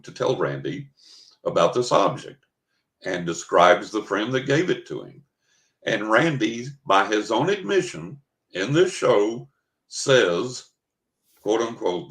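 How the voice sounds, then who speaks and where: A man's voice: lowish voice, sing-song, takes it slowly, a bit bright. An older man, a psychic guest in an interview, telling an anecdote casually and acting out the quoted dialogue. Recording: roomy echo.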